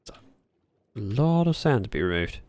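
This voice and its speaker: A man chatting casually at his desk while livestreaming a game, speaking into a desk microphone, with sudden excited yelps. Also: fairly low pitch, unhurried, dry recording. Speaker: gaming livestreamer. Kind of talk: casual commentary while playing.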